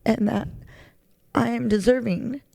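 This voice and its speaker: Gravelly, mellow-voiced woman giving testimony. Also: fairly high pitch, fairly even intonation. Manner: halting, searching for words, many fillers. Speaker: charity recipient sharing her testimony. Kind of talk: heartfelt personal testimony.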